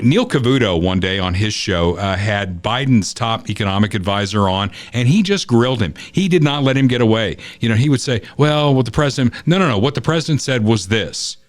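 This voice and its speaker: A man's voice: mid-range voice, no echo. A man hosting a political talk podcast, emphatic and opinionated in his commentary. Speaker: podcast host.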